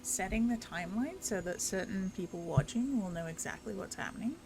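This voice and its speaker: A woman's voice: medium pitch, fairly quick, vocal fry, rough recording. A woman running a tabletop game podcast as game master, chatty and often drifting off topic.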